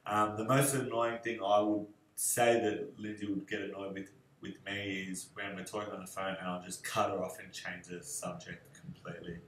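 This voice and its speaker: A young man answering questions about his fiancée in a relaxed, rambling way, with many fillers. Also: low-pitched, normal speed, hardly any pauses, a little hiss or hum. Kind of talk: casual video answers. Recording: echoey room.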